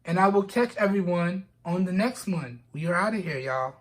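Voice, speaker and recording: A man's voice: high-pitched, animated, moderate pace. A man vlogging an unboxing, talking casually while trying not to cry, often repeating himself and saying "man" and "y'all". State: holding back tears. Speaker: vlogger reviewing products.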